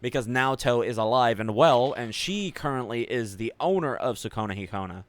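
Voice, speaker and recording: A man's voice: mid-range voice, expressive, normal speed. A man giving casual game commentary, musing aloud with loose fillers and offhand swearing. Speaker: gaming video creator.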